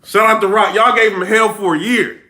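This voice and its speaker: High, bright-voiced man telling it animatedly. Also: normal speed, reverberant. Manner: animated storytelling, slangy, mimics people he describes. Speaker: battle rap commentator. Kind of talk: casual commentary vlog.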